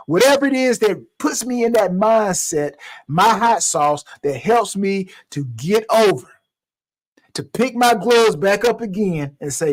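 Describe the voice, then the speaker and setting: A man with a fairly high voice delivers a motivational talk on mental health. He is animated and preacher-like and repeats key lines for emphasis. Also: unhurried. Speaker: motivational speaker.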